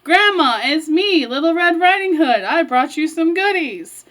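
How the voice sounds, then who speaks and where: Little girl in a red hood, woman voices it: earnest, curious, slightly high. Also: expressive, unhurried, a bit bright.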